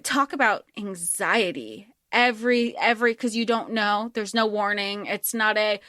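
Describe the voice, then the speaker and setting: A woman's voice: medium pitch, a little slow, few pauses, a bit bright, dry recording, studio quality. A woman co-hosting a book podcast, talking animatedly and acting out characters' lines. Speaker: podcast co-host. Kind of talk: casual book discussion.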